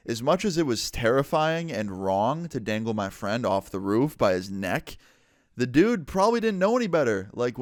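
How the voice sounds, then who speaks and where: A man's voice: mid-range voice, no echo. A young man tells a story from his own life for his vlog. He talks in a loose, casual way, with a mid-range voice and "like" dropped throughout. The recording is dry and close. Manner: casual, filler-heavy retelling with frequent "like". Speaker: vlogger.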